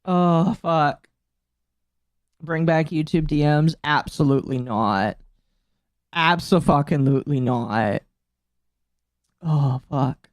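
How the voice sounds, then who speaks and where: A woman's voice: low voice, slow, pauses often, dry recording, clean studio sound. A woman streamer chatting casually to her live chat, giggling and rambling, her throat catching with coughs. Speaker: streamer reacting to a video. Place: home streaming setup.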